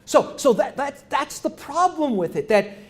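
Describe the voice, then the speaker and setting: A male professor giving a lecture in a conversational, halting way, with frequent restarts and rhetorical questions to the audience. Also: very high voice, big pitch swings. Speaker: university professor, guest lecturer. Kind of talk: academic lecture.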